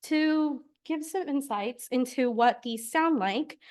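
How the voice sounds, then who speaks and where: A young woman from the United States giving an academic research presentation, explaining carefully with frequent filler pauses. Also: sits high. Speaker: graduate student presenter.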